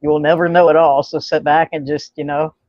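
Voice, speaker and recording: A woman co-hosting a casual livestream chat, agreeable and hesitant, often pausing with "uh". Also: sits low, flat delivery, dry recording, dull audio. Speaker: co-host and astrology reader.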